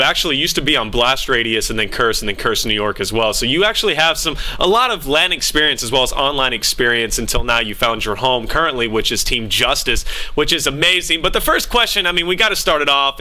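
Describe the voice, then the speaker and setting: A man's voice: a little high, sharp tone. A man hosting an esports interview in an upbeat, eager, hype-style delivery. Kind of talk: casual hosted interview.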